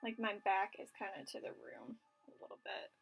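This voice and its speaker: A woman's voice: medium pitch, expressive, a little fast, vocal fry, soft background music. A woman playing a story game, reading its narration aloud and reacting casually, with filler words and swearing. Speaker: let's play gamer.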